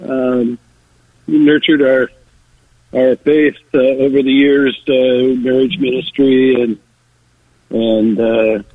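A man's voice: mid-range voice, level tone, no echo. An older man calling in to a radio show, choked up and stammering as he speaks. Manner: halting, emotional, stammering. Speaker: caller. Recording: tinny phone line.

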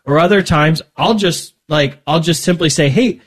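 A man with a voice on the high side, speaking at normal speed, is a podcast guest talking casually about his faith. He rambles, restarts sentences often, and acts out little conversations.

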